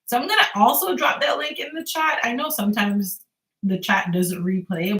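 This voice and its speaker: A woman's voice: medium pitch, a bit bright. A young woman from Antigua and Barbuda with a Caribbean accent, chatting casually and laughing often as she answers viewer questions on a home livestream. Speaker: small business owner and livestreamer. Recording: roomy echo.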